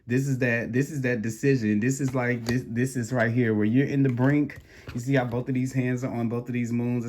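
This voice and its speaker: A man's voice: mid-range voice, slight background noise. A man talks his way through a tarot reading in a loose, rambling way. He trips over and repeats his words and speaks straight to the listener as if chatting with a friend. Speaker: tarot reader.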